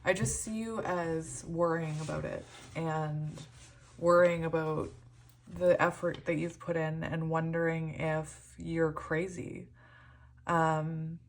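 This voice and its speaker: A woman giving a pick-a-card tarot reading, emotional and hesitant, shaky and close to tears, with many pauses and ums. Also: sits low, level tone. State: shaky and tearful. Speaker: tarot reader.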